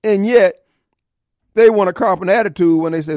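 Man, middle-aged radio host: high, lively pitch, combative mocking rants, dry studio sound. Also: normal speed, no room sound. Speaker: radio talk show host. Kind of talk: opinionated talk radio monologue.

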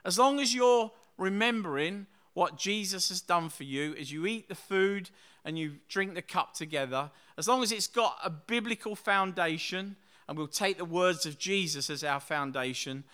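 A man's voice: high voice, sharp tone. A man preaching a sermon to his church, speaking conversationally with frequent tag questions, then leading a communion prayer. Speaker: pastor.

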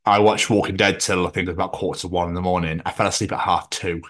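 A British man hosting a podcast with a bright, forceful voice. He chats in a rambling, sweary way and slips into quick bits of acted-out dialogue. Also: sits low, steady tone. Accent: British English. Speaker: podcast host. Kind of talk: casual chat.

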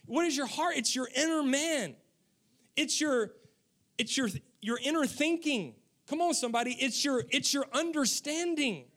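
A man preaching a sermon as the pastor, calling out to his congregation, with sudden drops into a soft, hushed delivery. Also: very high voice, lively intonation, moderate pace. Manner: emphatic preacher, calls on the congregation.

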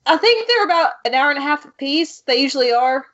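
A woman's voice: sits high, lively intonation, fairly quick, fairly bright tone. A woman in casual chat on a podcast, complaining emphatically and with exasperation. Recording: dull lo-fi sound.

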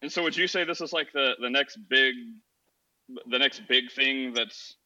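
A man's voice: mid-range voice, moderate pace, bright, forceful tone, lo-fi sound. A man hosting a casual call-in podcast, talking animatedly and acting out quoted voices. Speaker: podcast host.

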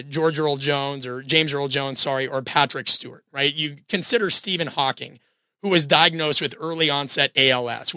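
A man's voice: on the high side, bright, forceful tone, no room sound, studio quality. A man in his thirties, sick with a cold, hosting a solo podcast and coaching his listeners in an earnest, direct way.

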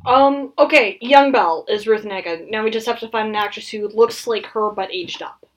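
A woman co-hosting a podcast chats casually and animatedly in a mid-range voice at a moderate pace. She laughs often and tends to trail off mid-thought.

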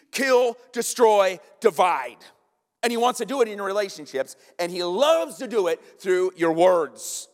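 An American pastor with a high, bright-pitched voice delivers a lively, conversational sermon, often turning to his listeners with quick asides. His voice rings out with a long reverb tail through a large sanctuary. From United States. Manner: lively, conversational preaching with frequent "right?" asides. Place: church sanctuary.

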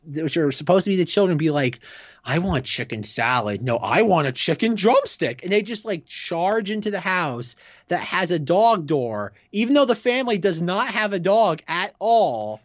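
A man co-hosting a casual chat, rambling in an animated way with lots of fillers. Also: high-pitched, normal speed, no echo. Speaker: podcast co-host. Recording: dry, dull lo-fi sound.

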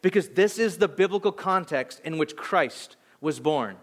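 Preaching as a pastor, a man in his thirties with a voice on the high side shares an animated story at his own expense. When he gets reflective, he halts and starts over.

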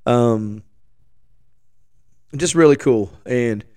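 A man in his forties with a hoarse voice after the flu, telling a rambling, joking story as a show host. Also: medium pitch, drawn-out words, warm tone, no room sound. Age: 40s. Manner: rambling, self-deprecating, joking asides. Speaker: podcast host. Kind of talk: casual storytelling chat.

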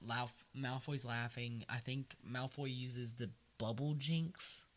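A man co-hosting a casual podcast, retelling a story with animated energy. He slips into quick character voices as he goes, at an ordinary middle pitch. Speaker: podcast co-host. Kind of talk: casual chat retelling a book.

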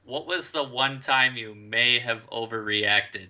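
A man co-hosting a casual podcast, telling stories excitedly with swearing and laughter. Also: medium pitch, takes it slowly. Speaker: podcast co-host. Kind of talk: casual chat.

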